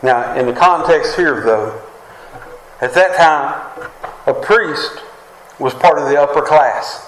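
West Virginian preacher calling out "Amen?". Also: male voice, on the high side, slow pace, a bit bright, slight background noise. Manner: preaching with frequent "Amen?" calls to the congregation. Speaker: pastor. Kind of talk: sermon. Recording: echoey room with faint ambience.

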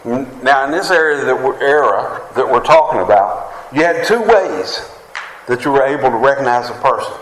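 A man's voice: medium pitch, expressive, normal speed, a bit bright, a little hiss or hum. A man with a West Virginian accent preaching a sermon as pastor, often asking the congregation "Amen?". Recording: echoey room with faint ambience.

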